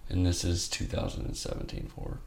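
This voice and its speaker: A man's voice: low voice, sing-song, a little fast, gravelly, darkish tone, a little hiss or hum. A man speaking as an interview guest, telling a candid personal story in a rambling, heartfelt way full of fillers.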